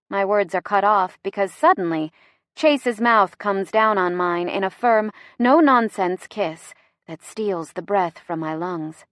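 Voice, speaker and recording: A woman narrating a first-person romance audiobook with playful expression. Her voice sits at an ordinary middle pitch. The sound is dry and close, with no room around it. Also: a little slow, a bit bright, no room sound.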